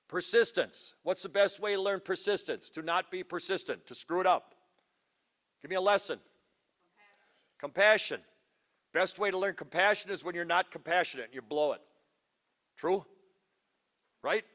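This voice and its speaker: High-voiced man working a crowd. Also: bright, forceful tone. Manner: punchy, teasing, quizzes the crowd. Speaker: speaker at parent workshop. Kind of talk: energetic audience talk. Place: auditorium, live audience. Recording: live hall with long reverb.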